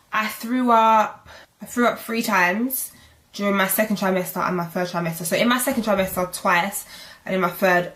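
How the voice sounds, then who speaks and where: A young woman in her twenties with a London accent, chatting casually and animatedly to her viewers in a vlog, often out of breath. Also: medium pitch. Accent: London English. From England. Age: 20s. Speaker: vlogger. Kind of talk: casual pregnancy vlog chat.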